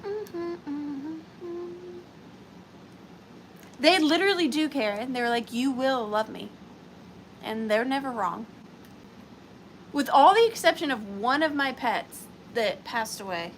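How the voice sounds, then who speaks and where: A woman's voice: on the high side, expressive, a little slow, slight background noise. A woman hosting a live online sale, chatting playfully with viewers and calling them by name. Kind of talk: chatty live-stream selling.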